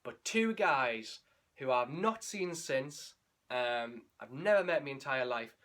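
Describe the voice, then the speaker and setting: A man's voice: medium pitch, lively intonation, a little slow, fairly bright tone. Candid man recapping a race. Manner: candid, emotional, rambling with restarts. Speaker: running vlogger.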